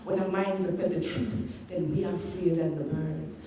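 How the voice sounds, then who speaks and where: A woman's voice: lowish voice, fairly even intonation, normal speed, dark tone, far from the mic, a little hiss or hum. Guyanese woman poet in an echoey hall. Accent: Guyanese Caribbean patois. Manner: rhythmic, emphatic delivery. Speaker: performance poet. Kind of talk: spoken word poetry performance. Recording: echoey hall, heard from afar.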